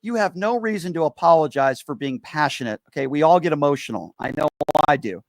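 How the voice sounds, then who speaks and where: A man's voice: a little high, expressive, brisk, gravelly, dry recording. Reassuring male talk-show host. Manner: reassuring, earnest, encouraging.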